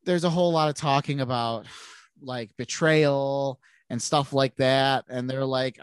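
A man's voice: medium pitch, fairly even intonation, measured pace, clear, resonant tone, dry recording. Rambling nasal man talking comics. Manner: rambling, many restarts and fillers. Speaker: podcast co-host. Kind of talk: casual comic book chat.

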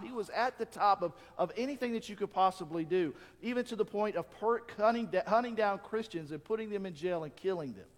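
A man delivers a sermon from a church sanctuary, animated and now and then slipping into quoted voices. His voice sits a little high, and a long reverb trails every phrase around the hall. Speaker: pastor.

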